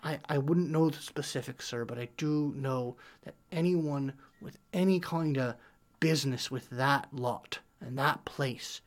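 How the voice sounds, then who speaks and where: A man voicing a nervous, kindly tavern local who stammers and talks in a folksy way, sometimes dropping to a hush. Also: medium pitch, measured pace, lightly acted. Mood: wary.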